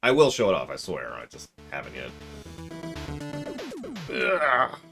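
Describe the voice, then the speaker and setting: A low-voiced man chatting casually while he plays a video game on stream. His tone swings up and down a lot as he rambles, stops himself and answers viewers. Soft game music plays faintly behind him. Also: big pitch swings, fast, creaky. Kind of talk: casual live-stream commentary.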